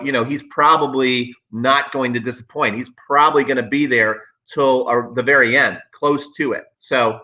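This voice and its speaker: A man's voice: medium pitch, sharp tone, muffled recording. A man hosting a live tennis stream, talking in a sarcastic, emphatic way and repeating himself for effect. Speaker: tennis coach and channel host.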